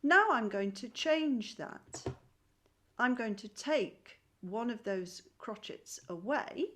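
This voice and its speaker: Slow, patient woman music teacher. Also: fairly high pitch, expressive, fairly bright tone. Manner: claps and chants rhythm syllables. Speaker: primary school music teacher. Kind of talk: online music lesson. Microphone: screen-shared video call.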